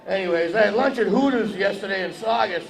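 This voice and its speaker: A man's voice: sits high, a little fast, vocal fry. A man doing a stand-up comedy set on a stage, teasing the crowd in a brash, joking way. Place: event hall stage with a podium before a live audience. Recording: echoey hall with crowd noise.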